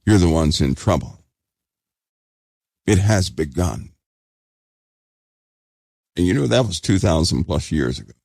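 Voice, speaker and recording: A man's voice: low-pitched, expressive, measured pace, vocal fry, long pauses, darkish tone, no room sound, clean studio sound. A man preaching an urgent sermon, exhorting listeners and repeating phrases for emphasis.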